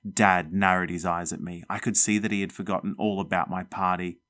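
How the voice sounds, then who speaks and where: A man's voice: sits low, flat delivery, fairly quick, fairly bright tone. A man narrating a spooky children's story with dramatic suspense.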